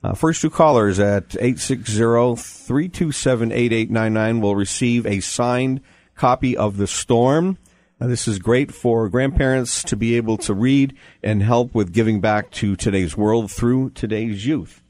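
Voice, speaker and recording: A man's voice: medium pitch, measured pace, dry recording. A middle-aged American man hosting a radio talk show, steadily guiding an interview and reading out giveaways. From United States. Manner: steady, guiding, reads out promos.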